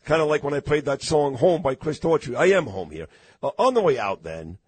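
A man's voice: on the high side, lively intonation, fairly quick, a little mellow, husky. A man hosting a radio talk show, blunt and emphatic, openly effusive toward his guest. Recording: radio broadcast.

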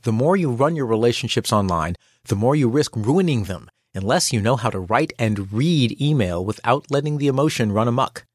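A man's voice: medium pitch, lively intonation, moderate pace, few pauses, no room sound, clean studio sound. A man coaching and hosting a scripted podcast, in a wry, playful manner. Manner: wry, playful, acts out quoted voices. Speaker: executive coach and host.

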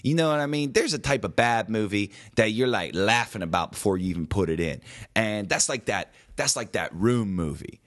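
On a podcast, a male co-host with a fairly low, expressive voice complains about a movie he didn't like. He talks at a moderate pace with a fairly bright tone, rambling in loose, colloquial speech.

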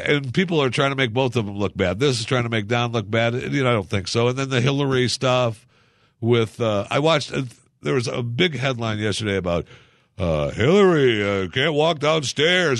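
A man's voice: mid-range voice, gravelly, fairly bright tone, dry recording, studio quality. A man giving casual political commentary as a podcast host, in a sarcastic, ranting, mocking manner.

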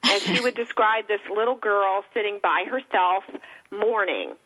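A woman's voice: mid-range voice, measured pace, pushed and bright. A woman author telling an emotional personal story as a radio guest, calling in by phone. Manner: earnest, emotional storytelling with faith references. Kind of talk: radio interview on a phone line. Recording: tinny phone line.

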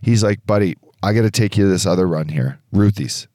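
Guy with a low voice telling a crazy story on a podcast, lots of swearing, dry close mic. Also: fairly quick, no room sound. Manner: animated, swearing, acts out quoted voices. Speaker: podcast co-host. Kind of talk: casual storytelling chat.

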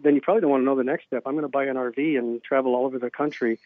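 A man's voice: mid-range voice, fairly even intonation, rapid-fire, dry recording. A male author tells long rambling stories and plays out every quoted exchange, leaning on ums and you-knows. His voice comes through a narrow, phone-like line with a very dry sound and no room around it. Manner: rambling anecdotes with many fillers, acts out quoted dialogue. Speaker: self-published author, guest. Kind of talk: casual storytelling interview.

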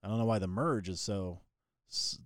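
A man co-hosting a casual talk show, explaining things plainly with deadpan sarcasm. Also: on the low side, moderate pace, no echo, clean studio sound. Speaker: co-host. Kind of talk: casual chat.

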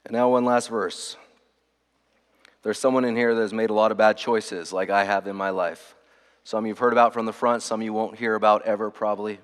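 A male pastor preaching a sermon in a church, earnest and emphatic, softening to a hushed tone in prayer. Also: on the low side, fairly even intonation, a little fast, big-room sound.

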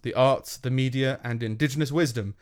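A man's voice: medium pitch, brisk, clean tone. A man co-hosting a podcast in casual chat, sarcastic and swearing, often laughing while mocking what he reads out. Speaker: podcast co-host.

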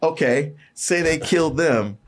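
A man's voice: on the high side, animated, unhurried. A man co-hosting a casual podcast chat, mostly giving short reactions and wry remarks.

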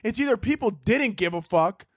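A young man with a noticeably high voice hosts his podcast alone at home. He rants casually and profanely, slipping into mocking impressions of other people. The sound is close and dry, with no room around it. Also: expressive, moderate pace, breathy edge, dry recording. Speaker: podcast host. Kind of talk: casual solo podcast rant. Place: indoors at home.

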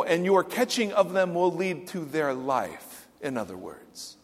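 Man, pastor, sermon, emphatic then hushed, high voice, long hall reverb. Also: big pitch swings, normal speed, few pauses. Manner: dynamic, swings from loud emphasis to hushed quoted asides.

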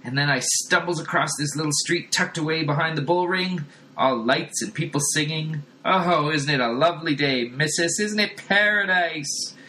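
A man's voice: on the high side, normal speed, sharp tone, a little hiss or hum, pitched above the performer's own voice. A man voicing a cheerful down-and-out man from Birmingham, with a Birmingham accent and a sing-song way of talking.

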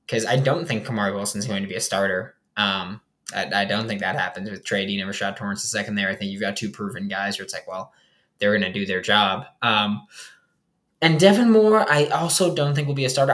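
A man's voice: on the low side, a bit bright. A young man hosting a casual sports show, breaking down his team's roster in a loose, rambling way with lots of fillers. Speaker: sports podcast host. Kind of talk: casual football analysis.

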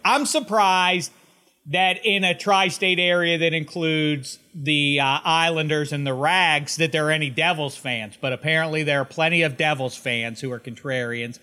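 A man's voice: fairly high pitch, normal speed, smooth. A man hosting a sports podcast, telling stories emphatically in casual chat. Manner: emphatic, animated storytelling. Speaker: podcast host.

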